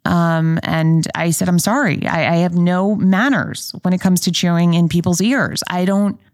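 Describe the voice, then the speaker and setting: A woman's voice: on the low side, moderate pace, a little mellow, dry recording, studio quality. A woman hosting a podcast, telling stories in a candid, chatty way with playful asides. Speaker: podcast host. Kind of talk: casual solo podcast chat.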